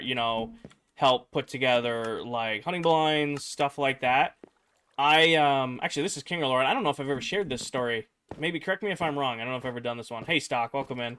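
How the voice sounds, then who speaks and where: A young man streaming, rambling through a personal story for his chat and acting out the voices of the people in it. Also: mid-range voice. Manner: rambling, animated, acts out quoted voices.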